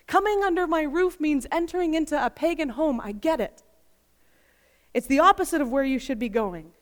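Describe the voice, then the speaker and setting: A woman's voice: high voice, normal speed, lightly acted. A woman voicing a humble, apologetic male Roman centurion in a Bible teaching. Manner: earnest, self-deprecating confession. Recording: long reverb.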